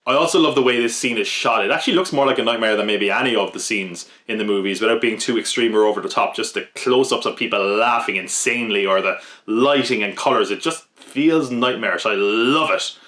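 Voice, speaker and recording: A man's voice: lowish voice, fairly quick, hardly any pauses, sharp tone. A man hosting a podcast countdown of horror-film kills, with wry, jokey asides to the listener. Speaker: podcast host. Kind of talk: scripted countdown commentary.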